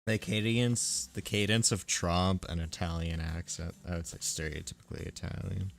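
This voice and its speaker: A man's voice: sits low, steady tone, moderate pace, gravelly. A young man streaming a game, chatting casually in a rambling, joking way and laughing often. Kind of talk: casual chat while gaming.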